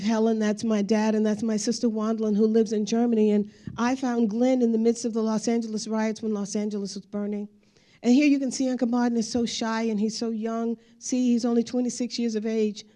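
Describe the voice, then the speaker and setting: A woman's voice: fairly high pitch, mellow. A woman giving a speech, telling family stories while showing pictures. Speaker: speaker. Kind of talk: storytelling speech with slides.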